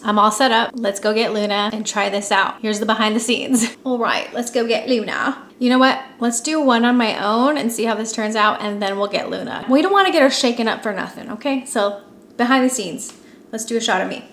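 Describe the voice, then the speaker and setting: A young woman vlogging casually at home, chatty and self-narrating, at times bursting into high excited squeals. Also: a little fast, a little hiss or hum. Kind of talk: casual vlog chat. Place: home living room with Christmas tree.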